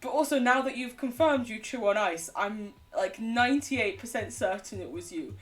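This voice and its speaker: An English woman chatting casually while streaming a game, animated, laughing often and swearing freely. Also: a little high, normal speed, distant mic, faint music behind. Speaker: livestreamer. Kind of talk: casual chat while gaming.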